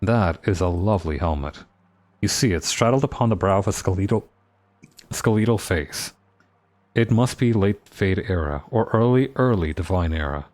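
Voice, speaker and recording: A man's voice: low-pitched, expressive, moderate pace, darkish tone. A man streaming a game live, reading its text aloud with playful comments.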